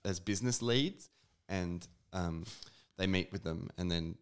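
A man co-hosting a podcast, talking in a relaxed, casual way with plenty of fillers. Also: low voice, unhurried, clean tone. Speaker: podcast co-host. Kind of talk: casual chat.

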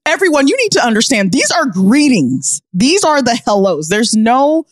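Blunt, animated woman podcast co-host. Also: a little high, normal speed, dry recording, clean studio sound. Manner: blunt, exasperated, laughs often. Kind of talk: casual chat.

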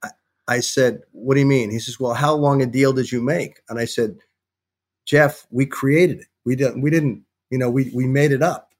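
A middle-aged man, a guest on a podcast, telling a lively anecdote and acting out the dialogue of the people in it. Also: mid-range voice, brisk. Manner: animated anecdote-telling, acts out quoted dialogue. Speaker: sports television executive, guest. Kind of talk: casual storytelling in a podcast interview.

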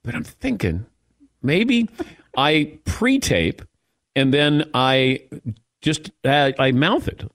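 A man's voice: on the high side, very animated, slow pace, long pauses, fairly bright tone. A middle-aged man hosting a sports talk radio show, chatting casually in a reflective, self-mocking way.

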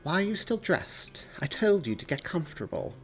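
Guy reading a book doing a touchy pregnant young woman, higher voice, snappy and defensive. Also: sing-song, moderate pace, faint music behind. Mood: coaxing. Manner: sharp, indignant retorts. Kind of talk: audiobook character reading.

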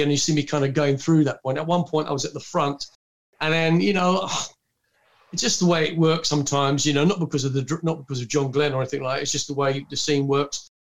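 A man's voice: a little high, fairly even intonation, fairly quick. An older man, telling film-set anecdotes on a video call in a rambling way, full of fillers and restarts. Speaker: guest recalling film work. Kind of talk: anecdotal storytelling.

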